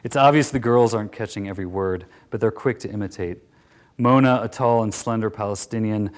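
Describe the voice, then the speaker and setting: A man reading his own first-person literary story aloud, measured, trailing off softly at the ends of sentences. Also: on the low side, smooth. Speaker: narrator.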